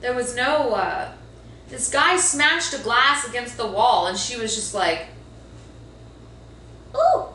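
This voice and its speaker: A woman vents through a casual movie review, rambling and restarting her sentences with a bright, forceful edge. Her voice sits a little high. The room is echoey, with a faint hum of ambience behind her. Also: unhurried. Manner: rambling, exasperated, many fillers and restarts. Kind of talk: casual opinionated film review. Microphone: phone.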